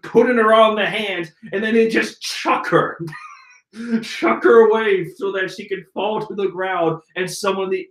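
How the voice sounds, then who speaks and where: At home in a room with a roomy echo, a manga reading channel host casually reads a comic aloud and chats. His voice sits high and a bit bright, and his manner is giggly.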